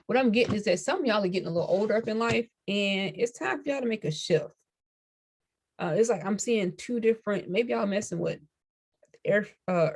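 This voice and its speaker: Woman tarot reader, chatty and casual, lower pitch. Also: a little mellow. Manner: chatty, explains cards to viewers. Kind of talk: casual spiritual reading.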